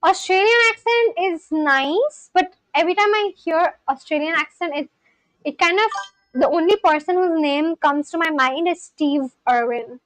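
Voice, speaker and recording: A woman's voice: very high-pitched, a little slow, no echo, rough recording. A woman hosting a casual live stream, chatting with viewers and reading their comments aloud in a rambling way, often stopping and restarting her sentences. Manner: rambling, chatty, frequent restarts and self-corrections. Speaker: livestream host learning a language.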